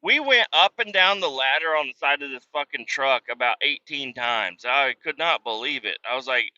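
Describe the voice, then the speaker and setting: A man in his thirties hosts a casual podcast, swearing freely as he rambles through his story and mimics the people in it. His voice is bright and sharp, at a middle pitch. The sound is dry and a bit dull, like a lo-fi recording. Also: fairly quick, dry recording. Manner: profane, rambling, acts out others' lines. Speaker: podcast host.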